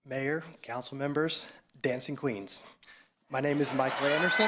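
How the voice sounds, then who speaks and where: A man's voice: fairly high pitch, moderate pace, fairly bright tone, slight background noise. A man, a tax professional, delivering a prepared, scathing public comment that accuses the town council. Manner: scathing, accusatory, read-out speech.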